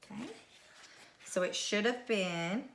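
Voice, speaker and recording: A woman's voice: mid-range voice, slow, creaky, a bit bright. A woman teacher giving a recorded phonics lesson to young pupils, patiently repeating each word. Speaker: third grade teacher.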